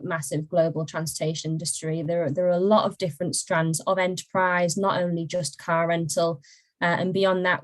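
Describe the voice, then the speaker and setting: A woman's voice: lowish voice, rough recording. A young woman presents as a recruitment marketer in a bubbly, self-mocking, casual style.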